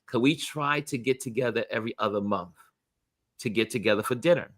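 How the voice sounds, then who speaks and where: A man hosting a casual motivational chat, talking about friendship in an animated way and acting out what people say. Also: medium pitch, fairly quick, dry recording, studio quality. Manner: animated, acts out quoted voices. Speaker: host.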